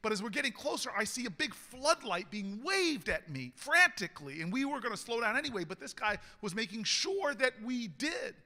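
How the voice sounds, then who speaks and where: A man giving a rousing political speech as a mayor, telling a story with frequent laughs and building to shouted rallying calls. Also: very high voice, sing-song, normal speed, hardly any pauses. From United States. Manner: laughs often between lines. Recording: long hall reverb.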